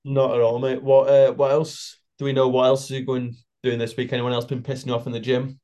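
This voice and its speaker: A man's voice: medium pitch, monotone, a little fast, mellow. A man co-hosting a podcast, talking in an easygoing casual way with the odd swear. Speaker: podcast co-host. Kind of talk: casual chat.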